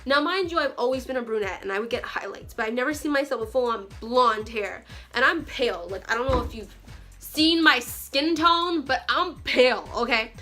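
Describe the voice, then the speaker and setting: A woman's voice: fairly high pitch, moderate pace, sharp tone, faint music behind. A young woman vlogger telling a dramatic, chatty story with slangy asides. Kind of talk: storytime vlog.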